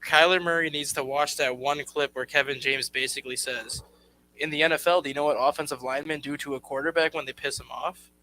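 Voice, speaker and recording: A fast-talking man with a bright, forceful voice co-hosts a sports talk show. His anecdotes come quickly, and a faint hum sits behind him. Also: on the high side, steady tone, poor audio. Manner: quick, recounts anecdotes with quoted lines.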